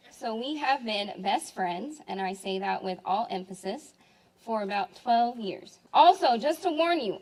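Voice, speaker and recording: A woman in her twenties, the maid of honor, giving a jokey, animated wedding toast full of laughs. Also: on the high side, poor audio. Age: 20s. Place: wedding reception.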